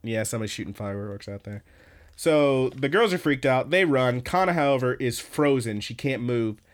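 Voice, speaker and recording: A man in the middle of an easygoing podcast recap, talking at an average pitch and pace. He rambles through the episode, swearing freely and stopping often to restart his sentences. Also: expressive, moderate pace. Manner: rambling, profane, lots of fillers and restarts. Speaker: podcast host. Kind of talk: casual anime episode recap.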